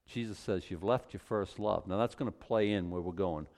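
A man's voice: low voice, normal speed, darkish tone. A middle-aged man pastor preaching a sermon in a conversational, folksy way, with frequent asides and repeated words.

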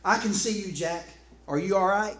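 The voice of God, put on by a preacher, steady and unhurried, with a dry, wry touch as it reassures. It sits a bit above a man's usual pitch and echoes through a roomy space with faint noise behind it. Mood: calm. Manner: calm, reassuring, a little wry.

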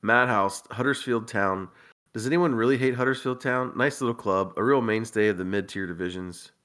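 Wry, low-voiced male podcast host. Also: normal speed. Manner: wry, deadpan asides with frequent chuckles. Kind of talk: casual podcast chat, reading out a listener's list.

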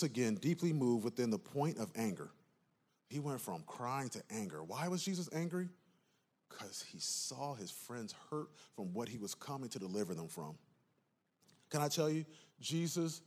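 Husky-voiced preacher delivering a passionate sermon. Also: male voice, fairly low pitch. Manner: impassioned preaching with call-and-response asides. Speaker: pastor.

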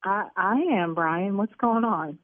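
A woman who owns a salon, arguing brashly on a phone call and getting loud and cursing. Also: medium pitch, unhurried, no echo. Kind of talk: heated phone argument. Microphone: telephone. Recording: tinny phone line.

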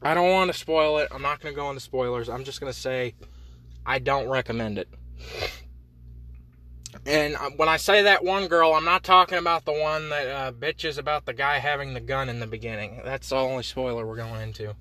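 Young male podcast host, bright and tense tone, profane rambling comic monologue with deadpan absurd asides. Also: medium pitch, fairly quick. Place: inside a parked truck.

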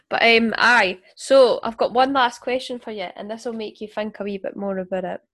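A woman's voice: on the high side, fairly even intonation, normal speed, hardly any pauses, fairly bright tone. A young woman with a Scottish accent, chatting casually and asking questions as the interviewer, laughing often. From Scotland. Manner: chatty, laughs often, says "aye" and "wee". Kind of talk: casual chat.

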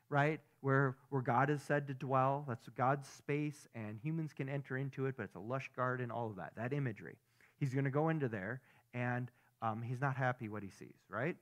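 Man, pastor, sermon, conversational, rhetorical questions, mid pitch.

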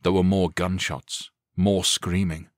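A man narrating an action thriller audiobook in a steady, deliberate way. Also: low-pitched, dry recording. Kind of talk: scripted narration.

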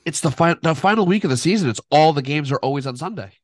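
A man's voice: on the high side, expressive, quick pace, no echo. A man co-hosting a podcast, trading jokes in casual chat. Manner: joking banter. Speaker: podcast co-host.

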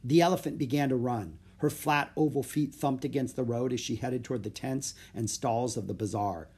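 A man narrating a children's audiobook in a steady, plain storytelling voice. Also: mid-range voice, moderate pace, husky.

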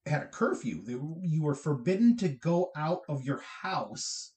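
A man's voice: on the high side, animated, unhurried, a little mellow. A man co-hosting a casual podcast, chatty, laughing often and rambling with restarts. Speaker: podcast co-host. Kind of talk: casual chat.

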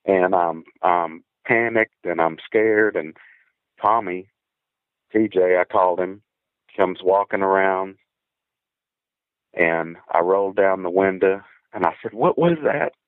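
The recording is dry and clean in tone, though it comes through a thin, tinny phone line with no room sound. A man with a very deep voice earnestly relates an encounter from his past, haltingly repeating words at tense moments before pressing on.

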